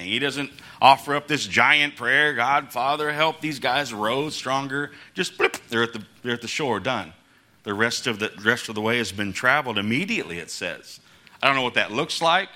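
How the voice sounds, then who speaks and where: A man of middle pitch gives a loose, conversational sermon to his congregation. His voice is very bright and ringing, and he chuckles between points and plays out the quotes in his story. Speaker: pastor. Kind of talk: casual sermon.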